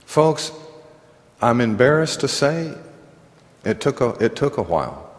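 A man's voice: mid-range voice, sing-song, measured pace, pauses often. A man in his forties, a pastor preaching an earnest, conversational sermon and laughing at himself now and then. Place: church sanctuary. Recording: reverberant church hall.

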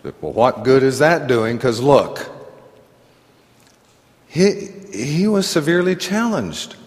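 Earnest pastor preaching in a reverberant hall. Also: male voice, mid-range voice, animated, slow pace. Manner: earnest, conversational, laughs at himself. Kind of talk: sermon. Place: church sanctuary.

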